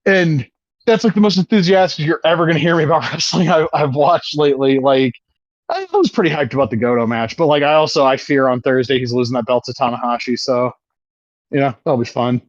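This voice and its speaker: Profane, excitable man, lo-fi dry audio. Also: medium pitch, a little fast, dry recording. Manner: profane, enthusiastic wrestling fan. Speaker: podcast co-host. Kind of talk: casual chat.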